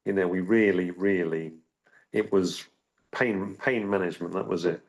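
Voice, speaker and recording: Man, middle-aged, lowish voice; earnest interview guest, halting storyteller. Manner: halting, with frequent restarts and repeated words. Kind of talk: recounting a personal story.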